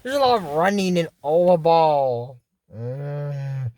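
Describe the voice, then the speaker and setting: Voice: mid-range voice, takes it slowly, mellow, no echo. A YouTuber recapping a cartoon episode in casual commentary, rambling and correcting their own slips.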